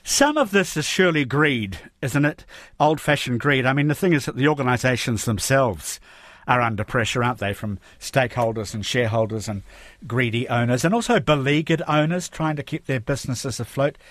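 A man's voice: medium pitch, a little fast, a bit bright, no echo, clean studio sound. A man hosting a radio interview, putting conversational questions with tag questions to his guest. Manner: conversational, leading questions with tags. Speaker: interview host.

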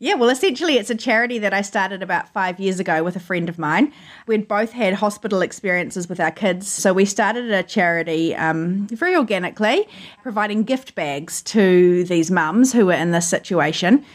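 Animated and moderately paced, this mid-range female voice belongs to a New Zealand journalist sharing heartfelt personal stories during a remote interview from home.

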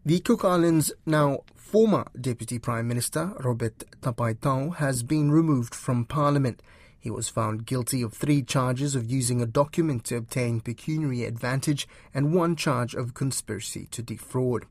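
A man reading scripted news in a measured, formal way. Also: medium pitch, darkish tone, no room sound. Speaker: news presenter. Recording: dry studio.

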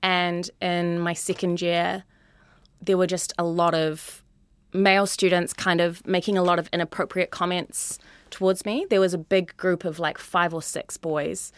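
A young woman, a high school teacher talking candidly in an interview, earnest and chatty, full of "like" and "you know". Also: clear, resonant tone, dry recording. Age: 20s.

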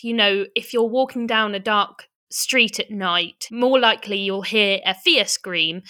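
A woman interviewing a researcher, asking clear, composed questions. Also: fairly high pitch, pushed and bright.

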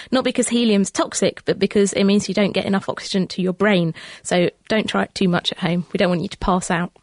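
A woman co-presenting a live radio science show, brisk and friendly. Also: mid-range voice, no echo. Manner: brisk and friendly reading of listener answers. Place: radio studio.

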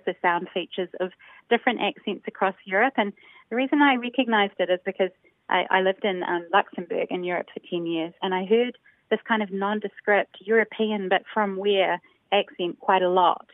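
Over a dry, tinny phone line without room sound, a newly connected woman from New Zealand explains things as a linguist guest in an interview. Her voice is medium in pitch, and she's careful and thoughtful, with frequent ums.

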